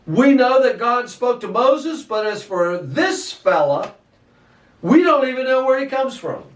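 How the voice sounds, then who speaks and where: A man's voice: very high voice, very animated, measured pace, voice pushed up, full character voice. A man voicing scornful, self-assured male religious leaders in a mocking, lecturing tone. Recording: echoey, distant from mic.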